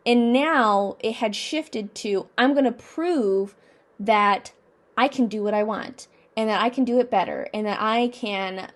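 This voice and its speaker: A woman's voice: a little high, measured pace. Earnest young woman talking to camera. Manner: earnest, repeats phrases for emphasis, asks herself questions. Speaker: vlogger. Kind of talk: personal motivational talk to camera.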